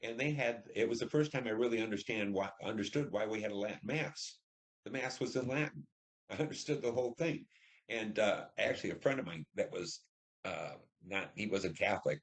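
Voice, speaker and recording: A man's voice: on the low side, a little fast. An older man telling his war experiences in an oral history interview, acting out dialogue as he goes. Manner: vivid storytelling, acts out radio dialogue. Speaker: Vietnam veteran interviewee.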